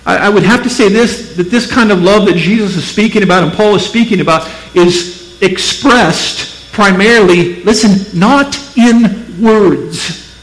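A pastor from Missouri preaching a sermon to his church, emphatic, swinging between loud peaks and low, slow passages. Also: echoey room, rough recording. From Missouri, USA. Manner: emphatic, rising to near-shouted peaks, then dropping low and slow.

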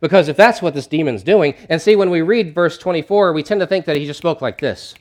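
A man's voice: a little high, lively intonation, quick pace, few pauses, darkish tone. A man preaching a sermon in a conversational, emphatic way, often restarting his phrases.

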